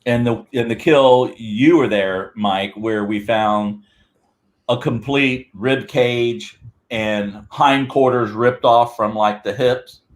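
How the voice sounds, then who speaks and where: Man telling a rambling, animated story. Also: mid-range voice, slow pace. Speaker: guest Bigfoot researcher. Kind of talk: casual podcast chat.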